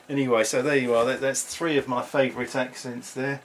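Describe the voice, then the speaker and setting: A man's voice: mid-range voice, steady tone, a little fast, hardly any pauses, slight background noise. A middle-aged man, chatting to camera at home in a rambling, self-mocking way. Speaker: vlogger. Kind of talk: casual chat to camera.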